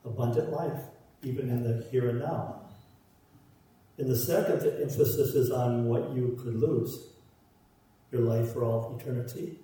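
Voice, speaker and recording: A man's voice: medium pitch, fairly even intonation, a little slow, pauses often, mellow. Man preaching in an echoey hall. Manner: emphatic, repeats phrases in parallel. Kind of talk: sermon. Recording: roomy echo, voice from far off.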